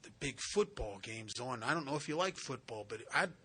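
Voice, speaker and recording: A man quoting an eager boyfriend in a soft, coaxing voice. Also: mid-range voice, lively intonation, brisk, breathy edge, voice pushed down. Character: eager young boyfriend, sweet-talking.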